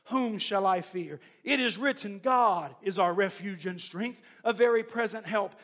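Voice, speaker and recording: A man's voice: sits high, unhurried, fairly bright tone. A man preaching a sermon, delivering a rhythmic repeated refrain and quoting scripture.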